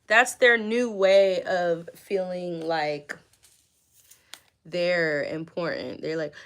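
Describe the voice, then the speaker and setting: Woman streamer, gravelly, slow, mocking, sassy back-talk to the chat. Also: lowish voice. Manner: mocking, profane, sassy, talks back to viewer comments. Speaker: livestreamer. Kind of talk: casual livestream chat.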